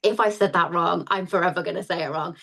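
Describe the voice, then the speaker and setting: A woman's voice: on the low side, fast talker, gravelly, a bit bright. A woman hosting a spiritual lesson, talking in a chatty, conversational way and often checking in with "right?". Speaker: host of a spiritual lesson series. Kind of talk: casual spoken teaching.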